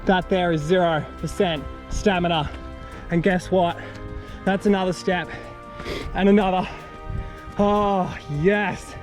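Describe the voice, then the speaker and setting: A man talking casually to the camera in a self-filmed vlog, excitable and rambling, outdoors on a trail. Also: sits high, a little slow, pauses often, music in the background. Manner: excitable, rambling, swears mildly. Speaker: vlogger, trail runner.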